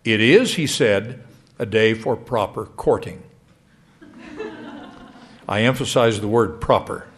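A middle-aged man delivering a sermon to a congregation in a measured, emphatic way. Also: lowish voice, a little hiss or hum. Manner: measured, lively rising emphasis. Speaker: church speaker.

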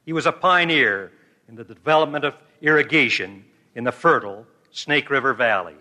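A man giving a formal church conference address, telling a story in a measured way. The audio is an archival recording. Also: mid-range voice, pushed and bright. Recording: reverberant archival hall recording.

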